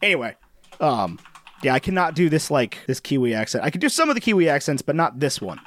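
A man's voice: on the high side, sing-song, fast talker, a bit bright. A man co-hosting a podcast in casual, joking chat, rambling and breaking into accent impressions. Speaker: podcast co-host.

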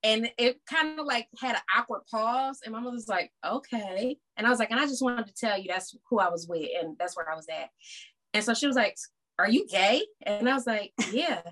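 A woman's voice: a little high, brisk. A woman guest telling her story in casual conversation, acting out what her family said. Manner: animated, acts out family members' voices. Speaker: podcast guest.

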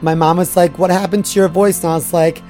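A man in his thirties, hoarse and nearly voiceless from a sore throat, joking campily as a podcast co-host. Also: high voice, fairly even intonation, quick pace, mellow, soft background music. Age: 30s. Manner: campy, joking storyteller. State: hoarse, lost voice. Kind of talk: casual comedic chat.

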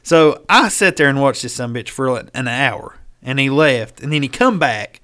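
At normal speed and medium pitch, a man recounts a hunting story in lively, swear-laden casual talk, performing the quoted lines of the characters himself.

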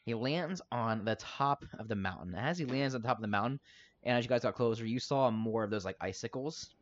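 Young guy running a tabletop game, rambly, mid pitch, dull lo-fi sound with faint hiss. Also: expressive, fairly quick. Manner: rambling, filler-heavy, laughs easily. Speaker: game master. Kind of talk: casual tabletop narration. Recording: dull lo-fi recording.

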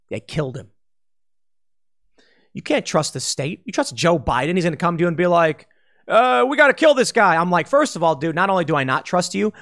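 A man's voice: a little high, fairly bright tone. A man giving a blunt opinion monologue as a political commentator, emphatic and full of slang.

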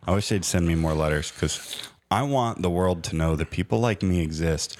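Deep-voiced, laid-back man in his thirties. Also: normal speed, hardly any pauses, slight background noise. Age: 30s. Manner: rambling, laid-back, explains at length. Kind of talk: casual podcast banter.

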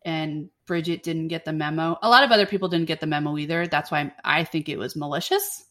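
A woman's voice: deep voice, brisk. Casual woman retelling a story. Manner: animated retelling with acted-out quotes and swearing. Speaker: podcast co-host. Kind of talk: casual book and movie chat.

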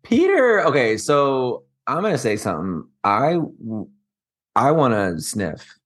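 A man co-hosting a podcast, gossiping about reality television in a campy, animated way. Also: mid-range voice, slow, husky. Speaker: podcast co-host. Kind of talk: casual chat.

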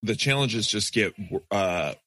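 A man's voice: lowish voice, lively intonation, slow, bright, forceful tone, no room sound. A laid-back man in his forties chatting wryly about raising kids. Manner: laid-back, wry, laughs at himself. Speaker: podcast co-host. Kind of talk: casual chat.

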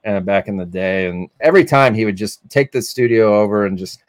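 Man, casual podcast chat, animated storyteller, dry close mic. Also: on the low side, fairly quick, no room sound. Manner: animated storyteller, bursts into loud put-on voices. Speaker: podcast guest.

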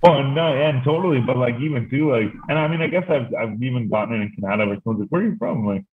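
A man's voice: mid-range voice, fast talker, a little hiss or hum. A man chatting casually, telling rambling stories full of fillers and swearing. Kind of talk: casual chat. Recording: tinny phone-like line.

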